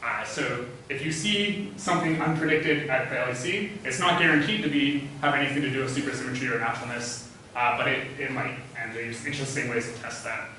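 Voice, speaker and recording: Male lecturer, hesitant delivery with frequent fillers, bright tone, picked up from afar in a very echoey room. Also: mid-range voice, fairly quick, a little hiss or hum. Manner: hesitant, many "uh" fillers, thinking aloud. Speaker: physics lecturer. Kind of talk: academic talk. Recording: echoey hall, voice from far off.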